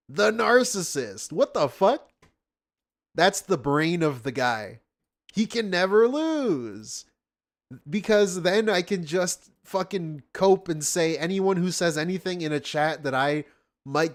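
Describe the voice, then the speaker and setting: A man reacting to stream clips with sarcastic, incredulous commentary and frequent swearing. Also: fairly high pitch. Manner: mocking, incredulous, swears often.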